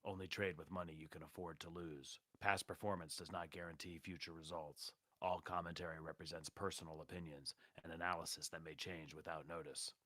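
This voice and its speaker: A man reading a formal financial disclaimer in a flat voice. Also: low voice, fairly quick, few pauses, dry recording. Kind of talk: read disclaimer.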